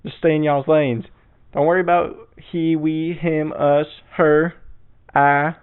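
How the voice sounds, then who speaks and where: A man voicing an exasperated woman with a Southern accent who loudly scolds a group of bickering men, on a tinny, phone-like recording. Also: a little high, flat delivery, takes it slowly, clear, resonant tone, voice pushed up. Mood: scolding.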